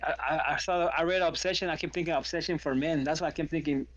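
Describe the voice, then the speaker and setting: Chatty man with a higher voice. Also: fairly even intonation, fast, fairly bright tone, lo-fi sound. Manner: chatty, rambling asides. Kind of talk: casual chat on a live stream.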